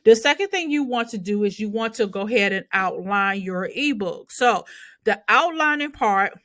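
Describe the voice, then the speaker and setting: A woman's voice: medium pitch, lively intonation, normal speed, fairly bright tone, no room sound. Chatty woman hosting a tutorial. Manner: chatty, repeats "okay?" to check in. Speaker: YouTube host. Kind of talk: casual tutorial talk.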